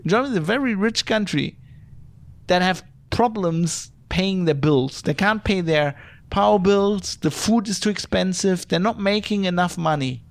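A man's voice: sits high, normal speed, gravelly. A middle-aged man hosting a podcast, ranting in an exasperated, profane monologue. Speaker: podcast host.

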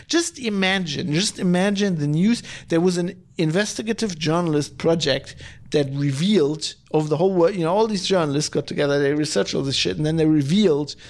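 A man hosting a podcast, talking alone in a heated, profane rant, often restarting and repeating himself as he gets worked up. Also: sits high. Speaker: podcast host. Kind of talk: solo podcast commentary rant.

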